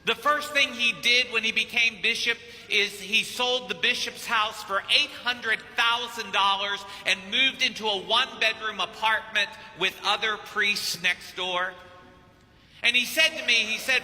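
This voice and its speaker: Bright, high-voiced preacher man from Kentucky. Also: normal speed, big-room sound. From Kentucky, United States. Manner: animated storyteller who acts out dialogue. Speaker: priest and missionary preacher. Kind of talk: anecdotal sermon.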